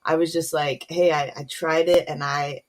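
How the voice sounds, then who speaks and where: A woman's voice: sits low, little pitch movement, moderate pace. A woman, a naval officer and comedian, speaking frankly and earnestly as a podcast guest, with many um and you know asides. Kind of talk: candid podcast conversation.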